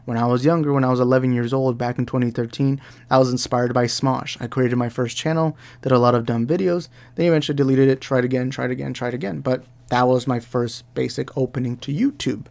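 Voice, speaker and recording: Young man, gravelly voice, heated ranting commentary, repeats himself, middle pitch. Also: fairly even intonation, fairly quick, few pauses, darkish tone. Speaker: commentary YouTuber. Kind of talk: angry reaction commentary.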